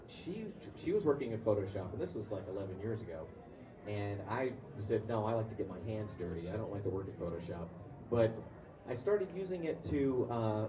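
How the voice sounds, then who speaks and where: A comics artist and voice actor with a fairly low voice casually tells stories to a convention panel audience, full of fillers and restarts. The far-off mic picks up an echoey room and a noisy background.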